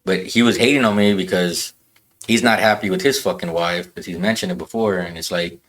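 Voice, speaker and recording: A man in a casual podcast chat, telling a story in rough, profane language. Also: sits low, fairly even intonation, fairly quick, fairly bright tone.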